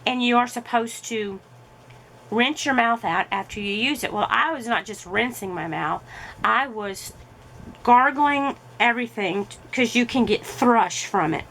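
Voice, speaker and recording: A woman's voice: on the high side, unhurried, a bit bright, a little hiss or hum, poor audio. A middle-aged woman vlogging casually while crafting, telling a story in a chatty way with fillers as her voice recovers.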